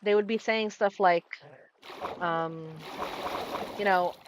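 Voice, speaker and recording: A woman's voice: lowish voice, slow, a little hiss or hum. A young woman talking casually while she plays a game, rambling, getting distracted and restarting her thoughts. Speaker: gaming streamer. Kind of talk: casual commentary while playing.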